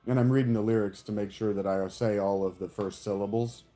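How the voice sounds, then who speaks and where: A man's voice: fairly low pitch, steady tone, fairly quick, warm tone. A man casually reacting to a song, musing aloud as he picks apart its lyrics, with the odd swear.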